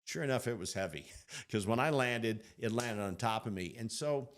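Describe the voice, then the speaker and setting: An older man as an interview guest, telling a personal story in an animated way, laughing often and acting out what others said. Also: lowish voice, normal speed.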